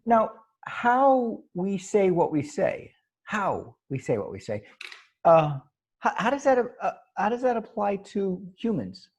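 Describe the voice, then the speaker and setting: A man co-hosting a loose podcast conversation over a video call. His voice sits a bit high and swings widely in pitch, with a husky edge. He laughs easily and trips over his words as he thinks aloud. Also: unhurried. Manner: animated, laughs often, stumbles and restarts. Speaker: podcast co-host. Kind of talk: casual improv chat over video call. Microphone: video call mic.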